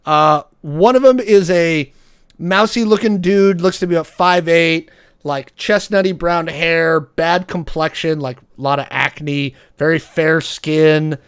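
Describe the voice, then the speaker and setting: A man runs a tabletop game as game master, painting each scene with lots of fillers. His voice is smooth and a little high, and the recording is dry and close. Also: a little slow, no echo. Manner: descriptive, with many fillers.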